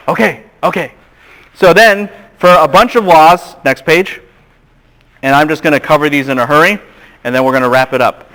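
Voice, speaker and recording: A man giving a classroom lecture, lively and emphatic, often quizzing his students and acting out quoted voices. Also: on the high side, brisk, rough recording. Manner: animated, asks the class questions and acts out voices. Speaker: seminary lecturer.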